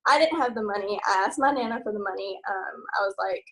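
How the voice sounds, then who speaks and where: A woman's voice: mid-range voice, fast talker, few pauses, fairly bright tone, low-quality recording. Nervous giggly Southern woman. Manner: nervous and giggly, many fillers. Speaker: team member sharing her story. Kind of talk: casual group call.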